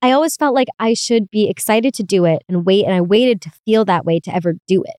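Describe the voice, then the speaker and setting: A woman's voice: mid-range voice, fairly quick, a little mellow, smooth, no room sound, studio quality. A young woman hosting a casual solo podcast, talking candidly, swearing freely and laughing often. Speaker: podcast host.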